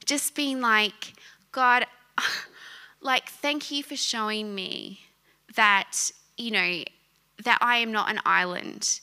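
A woman in her thirties preaching a sermon, telling a personal story in an animated way and laughing often. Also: fairly high pitch.

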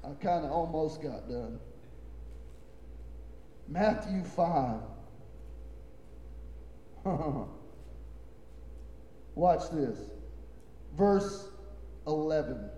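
A male pastor preaching a sermon in a church, emphatic and repetitive, dropping to low murmurs and rising to shouts. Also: sing-song, extremely slow, pauses often. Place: church sanctuary. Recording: echoey hall with long reverb.

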